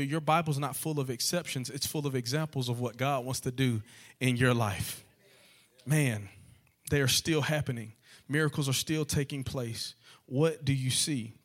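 A man preaching a sermon, asking rhetorical questions again and again and building to loud, repeated calls. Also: medium pitch. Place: church sanctuary.

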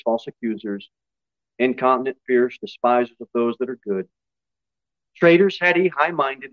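Preaching pastor with dull lo-fi sound. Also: male voice, no echo. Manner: preaching with sudden high, emphatic rises. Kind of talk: sermon. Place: church.

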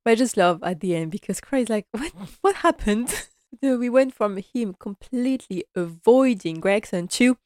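A woman's voice: fairly high pitch, animated, normal speed, darkish tone, no echo, clean studio sound. A woman chatting casually through an episode recap, laughing often and acting out the characters' lines. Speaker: series recap vlogger.

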